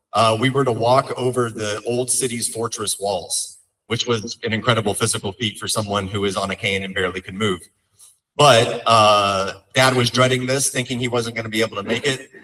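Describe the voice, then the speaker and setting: A man's voice: mid-range voice, a bit bright, recorded from a distance, rough recording. A young man speaking as a son at his father's memorial, telling heartfelt stories with light humor. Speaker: son giving a eulogy. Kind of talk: memorial eulogy storytelling.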